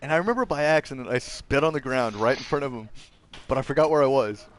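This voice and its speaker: A young man trading rough, profane school stories with his buddies, voicing teachers as he goes. His pitch sits mid-range, with a faint hiss of noise under the voice. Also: expressive, fast talker. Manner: profane, acts out quotes of teachers. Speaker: channel host. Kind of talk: casual storytelling with friends.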